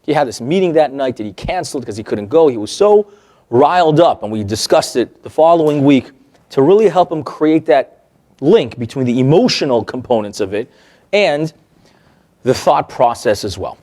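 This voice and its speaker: A male therapist teaching a workshop, telling client stories in a lively way and checking in with the audience. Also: mid-range voice, normal speed. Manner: animated, acts out quoted remarks, checks in with the audience.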